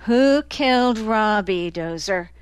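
A woman's voice: mid-range voice, expressive, slow, smooth, no room sound. A woman voicing a male detective who presses a dying man with urgent, insistent questions.

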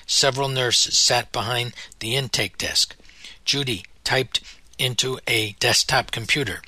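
A man narrating a memoir audiobook with a very bright, crisp tone. His pitch sits in the middle for a man. He reads in measured, solemn phrases, and the recording is dry and close with no room echo.

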